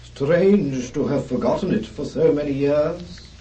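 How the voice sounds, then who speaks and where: A solemn, gentle spirit , voiced by a man, speaks with slow, grave deliberation in a dark, mellow, raised tone. He sounds distant, set back from the mic. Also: fairly high pitch, close to an everyday voice. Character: solemn male spirit guiding an old man.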